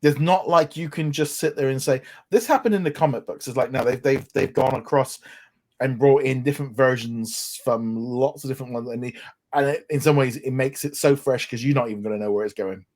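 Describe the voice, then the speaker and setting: A man's voice: mid-range voice, steady tone, fairly quick, darkish tone. A man co-hosting a podcast, chatting with eager enthusiasm and frequent restarts. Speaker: podcast co-host. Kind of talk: casual chat.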